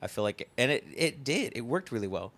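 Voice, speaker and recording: A man's voice: medium pitch, big pitch swings, fairly quick, a bit bright. A young man, a festival founder, talking casually on a podcast in a rambling way full of fillers and the odd swear.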